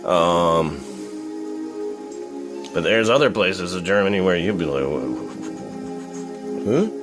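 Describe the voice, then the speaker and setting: A man's voice: deep voice, a little slow, music in the background. A young man talking in a casual, profane, rambling rant as a vlogger. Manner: profane, blunt, rambling with fillers. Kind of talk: casual ranting monologue.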